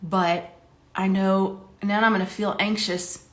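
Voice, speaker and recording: A middle-aged woman from Ohio, a makeup coach chatting to camera while doing her makeup, talkative and quick to laugh. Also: medium pitch. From Ohio, USA. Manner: chatty, laughing, lively quoted voices. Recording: echoey room.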